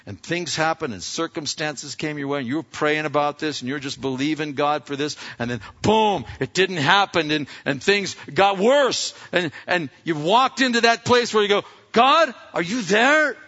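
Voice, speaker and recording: A male pastor preaching a lively sermon, acting out scenes and firing questions at his congregation. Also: fairly high pitch. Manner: animated, acts out scenes, asks the audience questions. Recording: echoey hall, dull lo-fi sound.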